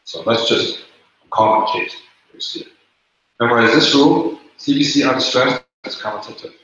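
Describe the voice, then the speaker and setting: A man lectures a class at normal speed, his mid-range voice bright and forceful, going through the rules in order and driving the key points home again. The recording is dull and lo-fi, echoes off the room, and carries a little hiss or hum.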